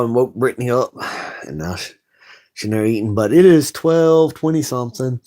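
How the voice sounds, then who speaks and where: A man ranting bluntly and rambling on a late-night livestream from home, swearing often. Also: medium pitch. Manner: blunt, rambling, heavy profanity. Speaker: livestream host.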